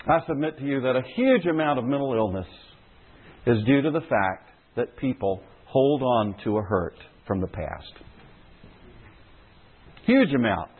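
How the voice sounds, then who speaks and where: Pastor, male, husky voice, lively sermon delivery, tinny phone-like recording. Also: medium pitch, unhurried, long pauses. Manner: emphatic, repeats key phrases for stress.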